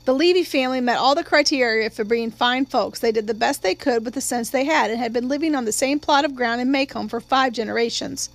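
A woman narrating a novel as an audiobook in steady, even storytelling, close to the mic. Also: a little high, fairly quick, vocal fry, hardly any pauses, dry recording. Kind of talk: scripted narration.

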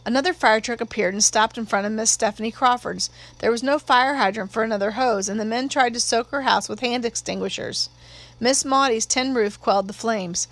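A woman narrating an audiobook in a measured, steady storytelling voice. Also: a little high.

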